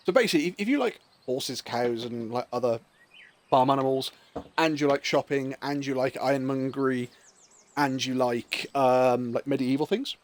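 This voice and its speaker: A man, chatting casually and rambling while streaming a puzzle game. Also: on the high side. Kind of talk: casual gameplay chat.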